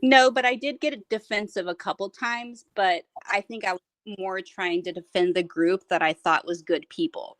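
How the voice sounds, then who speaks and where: A woman's voice: mid-range voice, fairly even intonation, normal speed, hardly any pauses, a bit bright, dry recording. A woman in casual chat, telling a rambling story with frequent laughs.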